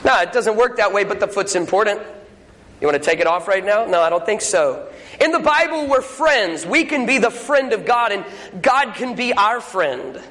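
High-voiced folksy male preacher. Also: expressive, moderate pace, bright, forceful tone. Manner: folksy, storytelling. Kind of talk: sermon with joke telling. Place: church sanctuary. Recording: echoey church hall.

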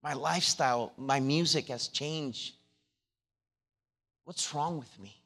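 A man preaching a sermon, telling a childhood story and then building into loud, rising exhortation with many repeated words and restarts. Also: slow pace. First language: not English. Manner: restarts and repeated words, grows louder and higher when preaching.

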